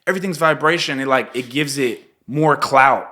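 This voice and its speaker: Bright, lively male guest voice; casual talk in a small room. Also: mid-range voice, moderate pace. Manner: animated, slips into mock voices. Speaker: podcast guest, astrologer. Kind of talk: casual conversation. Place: small untreated room with echoing walls.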